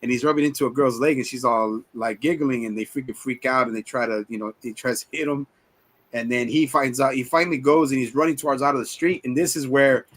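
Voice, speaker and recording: A fast-talking man in his forties with a mid-range, fairly bright voice and steady tone co-hosts a relaxed movie review podcast. He rambles, curses and replays scenes in quoted voices.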